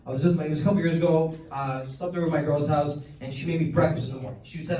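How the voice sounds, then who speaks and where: High-voiced comic, roomy club. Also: male voice, fairly even intonation, very fast, hardly any pauses, dark tone. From Canada. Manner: rambling, crude, filler-heavy storytelling. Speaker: stand-up comedian. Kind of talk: stand-up comedy set. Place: comedy club stage. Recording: roomy club sound from far off. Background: audience laughter.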